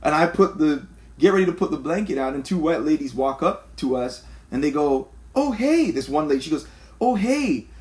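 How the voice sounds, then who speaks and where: A man's voice: on the high side, brisk. A man from Canada, a pastor, talking in a church conversation and acting out the people in his stories. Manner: animated storyteller, acts out quotes.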